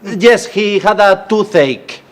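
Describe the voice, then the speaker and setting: A cheerful young Argentinian man in a sitcom, high-pitched and relaxed in pace. He teases and jokes while standing up for his friend. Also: takes it slowly. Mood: playful. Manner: playful, teasing, jokey. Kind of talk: sitcom acting.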